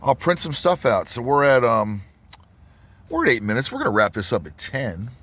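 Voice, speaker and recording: A man's voice: medium pitch, very animated, moderate pace, fairly bright tone. A tattoo artist telling a rambling story in a casual vlog, full of restarts and asides to his viewers.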